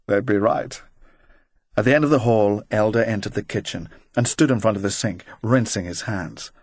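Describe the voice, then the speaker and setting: Low-voiced man reading a crime novel. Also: normal speed, darkish tone, slightly rough, no echo. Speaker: audiobook narrator. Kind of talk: scripted narration.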